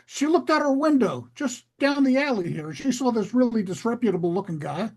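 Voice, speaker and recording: An older man with a husky voice, telling jokes in a chatty storytelling way. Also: extremely high pitch, animated, fairly quick, darkish tone. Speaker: comedy show regular.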